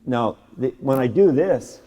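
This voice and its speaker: A middle-aged man leads a painting lesson in his studio, talking eagerly as he works. He often restarts and repeats words mid-sentence. His voice sits at an ordinary pitch with a soft, mellow tone. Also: animated, a little slow, slight background noise. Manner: enthusiastic, chatty, many restarts and repeated words. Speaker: painting instructor. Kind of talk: painting demonstration. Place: art studio.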